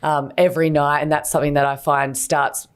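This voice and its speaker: A woman's voice: low-pitched, flat delivery, brisk, smooth. A woman co-hosting a podcast, talking in a candid, chatty way with lots of fillers and restarts. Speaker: podcast co-host. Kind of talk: casual chat.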